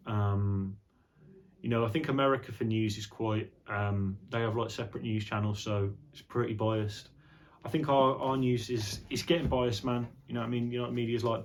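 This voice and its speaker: A man's voice: on the low side, a little hiss or hum. A young man chatting casually on an unscripted vlog, rambling and jokey, with some swearing. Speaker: vlogger.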